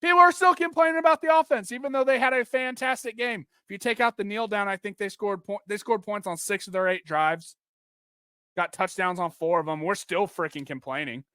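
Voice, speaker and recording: A man's voice: high voice, bright, forceful tone, no echo, studio quality. Frustrated young man venting on a podcast. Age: 20s. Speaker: podcast host and football coach. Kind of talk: solo podcast rant.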